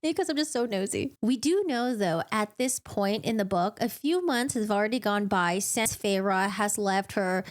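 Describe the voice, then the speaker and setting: A young woman hosting her channel, giving a chatty, giggly book recap and acting out the characters in quick put-on voices. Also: mid-range voice, animated.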